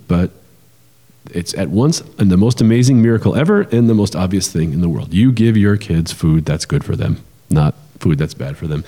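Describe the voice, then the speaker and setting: A man with a deep, mellow voice talks through ideas in a relaxed podcast conversation. He is animated and explanatory, often restarting phrases and filling pauses. The sound carries a long, hall-like reverb. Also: husky. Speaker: podcast co-host. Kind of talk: casual conversational podcast talk.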